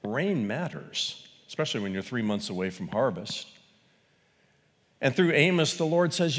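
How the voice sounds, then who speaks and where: Man, pastor, sermon, lively pitch, loud peaks and quiet asides, long hall reverb. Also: moderate pace, pauses often.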